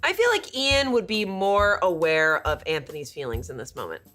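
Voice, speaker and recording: A woman's voice: lowish voice, faint music behind. Young woman riffing with her cohost, teasing and jokey, voice jumps all over. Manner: teasing, animated, quick to joke. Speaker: co-host. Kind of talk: casual comedy banter.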